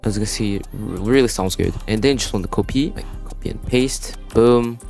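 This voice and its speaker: A man's voice: fairly low pitch, brisk, creaky, darkish tone. A man with a French accent giving a casual, rambling music production tutorial over his screen, full of "you wanna" and "you know". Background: beat playback between explanations.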